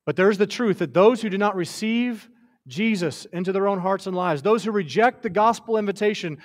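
A man preaching a sermon with passion, rising to loud declarations and dropping to hushed, tender lines. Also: high voice, normal speed. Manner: impassioned, swings from loud to hushed.

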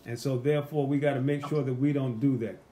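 A man teaching a casual Bible study, animated and emphatic, asking the group rhetorical questions. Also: medium pitch, fast talker.

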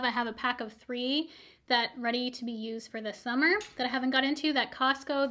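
A slightly hoarse woman with a voice pitched a bit high for a woman talks casually through her used-up beauty products. She is chatty and upbeat, drifting into little asides as she reviews each one. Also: pushed and bright. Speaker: beauty vlogger.

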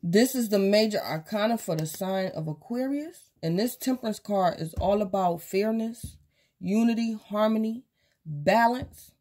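A woman's voice: medium pitch, unhurried, mellow. A woman casually giving a tarot reading, speaking straight to the viewer and acting out quotes from imagined people. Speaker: tarot reader.

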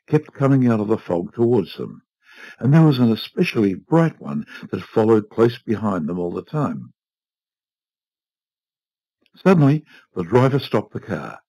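A man narrating a short story aloud in a measured, expressive reading. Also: fairly low pitch, no echo, dull audio. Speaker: reader. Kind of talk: audiobook narration.

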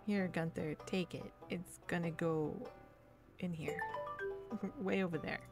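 A woman's voice: lowish voice, fairly even intonation, slow. Chatty woman streamer over game music. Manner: chatty, talks to herself while playing. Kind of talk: casual gameplay commentary.

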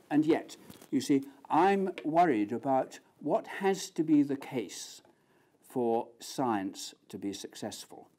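A man's voice: medium pitch, warm tone. A man giving an academic lecture on philosophy, telling stories and acting out the quoted voices.

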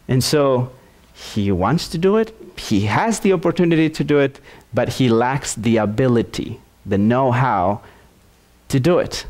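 A male pastor preaching a sermon, telling a story in an animated way with many restarts and repeated words. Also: medium pitch, a little slow.

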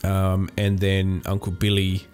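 A man's voice: sits low, monotone, unhurried, a little mellow, faint music behind. A young man chatting casually while playing a video game, rambling with many fillers and restarts. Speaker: gaming channel host. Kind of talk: casual let's-play commentary.

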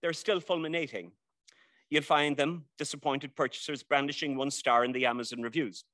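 A man's voice: medium pitch, fairly even intonation, moderate pace, bright, forceful tone, dry recording. A man with an Irish accent, a university teacher, giving a prepared persuasive speech at an indoor library event, wry and rhetorical, with dry jokes and long lists. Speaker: debate speaker championing a classic novel.

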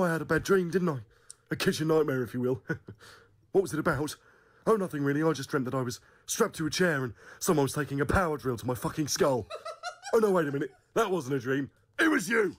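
A man voicing a husband ranting theatrically at his partner in bed, loud and mocking. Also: fairly high pitch, husky.

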